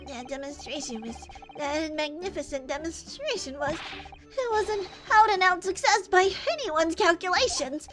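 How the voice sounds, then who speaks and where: A woman putting on a nerdy, excitable male professor who stammers and fusses through his words in a fairly high, thin voice. He is a video game character read aloud live on stream. Faint game music plays behind. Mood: fussy. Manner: stammering, rushed and fussy.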